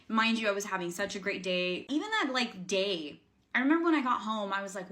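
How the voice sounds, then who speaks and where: A woman's voice: mid-range voice, lively intonation, fairly quick, fairly bright tone. A woman coaching viewers in a casual, rambling vlog, speaking earnestly with lots of fillers and restarts. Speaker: spiritual coach. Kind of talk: casual talking-to-camera vlog.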